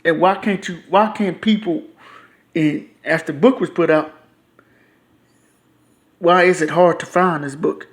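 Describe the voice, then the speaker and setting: A man's voice: a little high, fairly even intonation, measured pace, pauses often. A man, ranting casually and profanely to his own video channel, frustrated and repetitive. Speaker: YouTuber.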